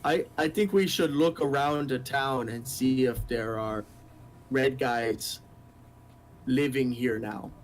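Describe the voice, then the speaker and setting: A man's voice: medium pitch, slow, a little hiss or hum. A man playing a tabletop game who thinks aloud and hesitates, often restarting his sentences. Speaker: player. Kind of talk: casual tabletop game chat.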